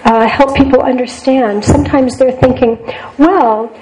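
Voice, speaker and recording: A woman's voice: fairly high pitch, moderate pace, mellow, rough recording. An older woman psychologist giving a talk to a group, speaking earnestly and repeating words for emphasis. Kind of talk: lecture to a group.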